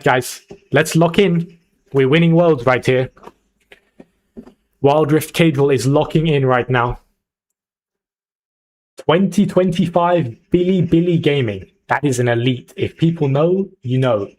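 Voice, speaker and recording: A young man hosts a casual livestream, talking straight to his chat in an excited, chatty way. His voice sits in a middle pitch, and he keeps the energy up as he riffs with viewers. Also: measured pace, pauses often. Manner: chatty, hyped, talks to chat. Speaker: streamer.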